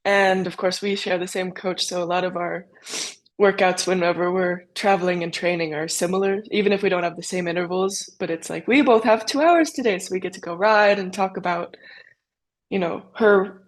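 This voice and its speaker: Young woman chatting, slightly low voice. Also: level tone, moderate pace. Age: young adult. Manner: chatty, many "like" and "kind of" fillers. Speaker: cyclocross racer guest. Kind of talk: casual interview answers.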